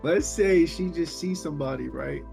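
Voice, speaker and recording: A man's voice: on the high side, moderate pace, creaky, mellow, faint music behind. Teasing man on a casual podcast. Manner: playful teasing, acts out quoted voices. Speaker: podcast co-host. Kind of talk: casual chat.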